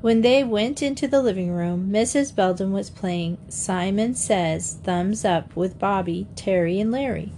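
A woman narrating a children's mystery audiobook in a measured, gentle storytelling voice. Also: medium pitch, slight background noise.

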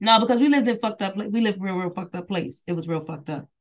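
Talking fast in a mid-range voice, a woman hosts her podcast as a loose, rambling monologue with her mouth near a phone mic. She curses freely, drifts off topic, and addresses her listeners head-on.

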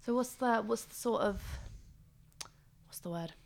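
A woman's voice: on the high side, a little slow, creaky, a little mellow. A woman hosting a casual radio interview, friendly and curious, asking follow-up questions. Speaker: interview host.

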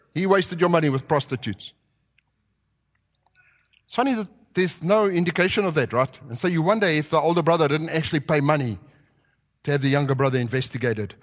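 High-voiced preacher in a reverberant hall. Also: male voice. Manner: animated storytelling, acting out voices. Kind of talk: sermon.

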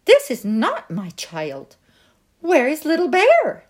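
A woman's voice: high-pitched, wildly swooping pitch, slow, voice pushed up, full character voice. A woman doing a flustered mother bear. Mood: alarmed.

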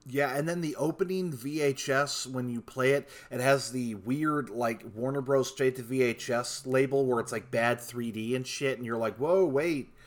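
A man co-hosting a casual podcast, talking in a relaxed, chatty way with some swearing. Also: mid-range voice, moderate pace, few pauses. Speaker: podcast co-host.

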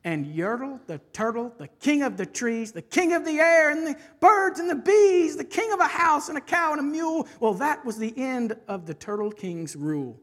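Expressive woman preacher reading a rhyming tale. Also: high voice, normal speed, few pauses. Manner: expressive, rhythmic storytelling. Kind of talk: reading a rhyming children's story aloud.

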